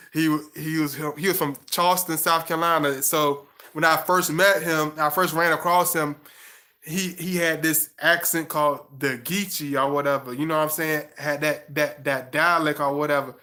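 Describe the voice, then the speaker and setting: A man hosting a livestream, chatting casually and warmly with viewers. His voice sits a little high and sounds bright and forceful. His talk loops and repeats, full of slang and fillers. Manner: loose, repetitive, affectionate slang, many fillers. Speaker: livestream host.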